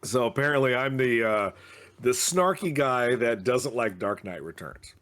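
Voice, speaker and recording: A man's voice: medium pitch, lively intonation, measured pace, a bit bright. A middle-aged man, co-host of a podcast, telling a story in casual chat with a wry, snarky delivery.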